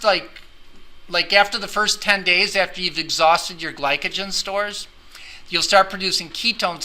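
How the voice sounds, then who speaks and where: A man's voice: high-pitched, pushed and bright. A man teaching an anatomy and physiology class, lecturing in a playful, teasing way with rambling jokes. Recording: classroom recording with background noise.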